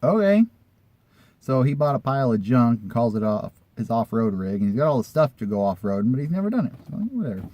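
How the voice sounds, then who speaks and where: A man's voice: mid-range voice, lively intonation, quick pace, few pauses, a little mellow. A man in a casual vlog, telling a personal story in a rambling, conversational way with the odd swear word.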